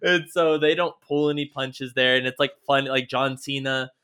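A man's voice: mid-range voice, steady tone, normal speed, sharp tone, smooth. Rambling casual guy on a podcast. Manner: rambling, laden with "like" fillers and casual swearing. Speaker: podcast co-host. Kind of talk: casual chat recapping a TV show.

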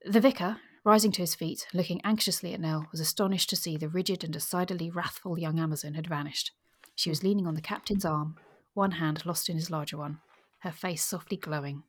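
A woman's voice: low-pitched, fairly even intonation, a little fast. A woman co-hosting a book podcast, chatting casually and reading novel passages aloud. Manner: reads novel excerpts aloud, chatty and amused. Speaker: podcast co-host.

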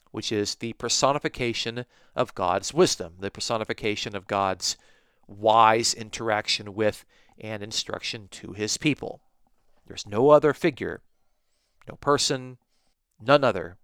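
A man teaching a Bible lesson in a measured, emphatic way, stressing key words. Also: on the low side, fairly bright tone, clear, resonant tone, no room sound, studio quality. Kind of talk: scripted teaching podcast.

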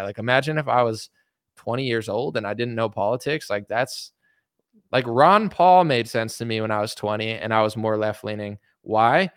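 A young adult man ranting casually about politics, quick and animated, breaking into mocking put-on voices now and then. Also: fairly low pitch, clear, resonant tone, dry recording, clean studio sound. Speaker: political commentator.

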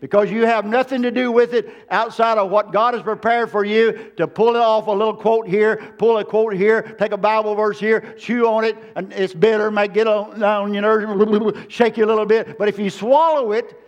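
A man with a high-pitched voice delivers a sermon from the pulpit. He hammers his points home with repeated phrases and reaches out to the congregation for amens. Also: fairly even intonation, normal speed, hardly any pauses, highs cut off. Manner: emphatic preaching with repeated phrases. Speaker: preacher.

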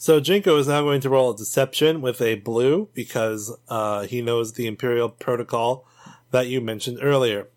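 A man narrating as game master of a tabletop role-playing game, talking casually and quickly. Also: medium pitch.

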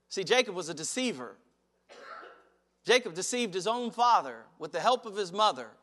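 A man preaching a sermon as pastor, animated, acting out quotes and chuckling as he speaks. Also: high voice.

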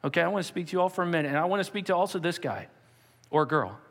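A male pastor delivering a sermon and prayer, swinging between loud urging and quiet emphasis. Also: on the high side, animated, very fast, vocal fry, big-room sound.

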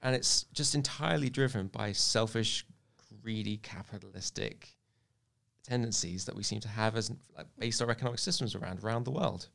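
A man's voice: lowish voice, brisk, gravelly, a bit bright. A man in casual chat, explaining things at length and sprinkling his sentences with "like". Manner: explaining, filler-heavy with frequent "like".

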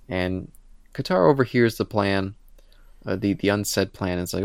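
Low gravelly guy on a podcast, retelling comic scenes and acting out quotes, dry close sound. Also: normal speed, no echo. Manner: animated retelling with acted-out quotes. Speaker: podcast co-host. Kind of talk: casual comic book discussion.

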